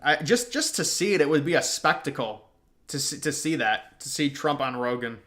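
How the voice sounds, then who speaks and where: A man's voice: a little high, animated, moderate pace, fairly bright tone. Casual young man chatting on a livestream. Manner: casual, slangy, reacting to chat and trailing off. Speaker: livestream host. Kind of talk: casual political livestream chat.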